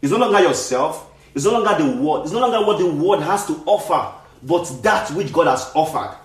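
A man's voice: a little high, lively intonation, brisk. Earnest preacher man in an echoey room. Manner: earnest, repetitive, restarts phrases for emphasis. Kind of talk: sermon.

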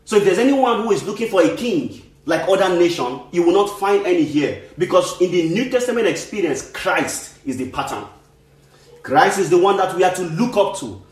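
A man's voice: sits high, expressive, moderate pace. Earnest preacher man in an echoey room. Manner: earnest, repetitive, restarts phrases for emphasis. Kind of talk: sermon.

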